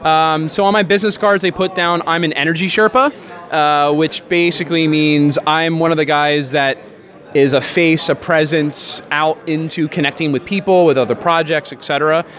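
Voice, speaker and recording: A man as a guest in an outdoor interview, relaxed and conversational. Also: fairly high pitch, moderate pace. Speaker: guest, project representative. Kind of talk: casual interview. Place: outdoors at a conference.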